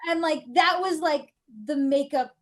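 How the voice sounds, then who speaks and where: A woman's voice: high-pitched, unhurried. A woman guest in a casual chat, rambling and wry, with lots of "like" fillers. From United States. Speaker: guest cosplayer.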